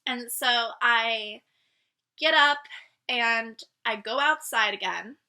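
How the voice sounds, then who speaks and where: A woman vlogger telling a personal story to her viewers in a casual, animated way, acting out the dialogue. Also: on the high side, takes it slowly. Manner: animated, acts out quoted dialogue.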